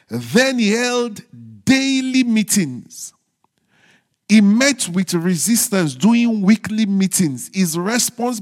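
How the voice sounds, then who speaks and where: A male pastor preaching a sermon, stressing phrases slowly and dropping into low, quiet teasing asides to the congregation. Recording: long hall reverb.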